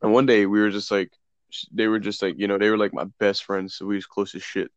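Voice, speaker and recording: Talking fast in a lowish voice, a young podcast co-host casually spins a profane story for his friends, acting out the dialogue with loose animation. The sound is dull, dry, and lo-fi, with no echo.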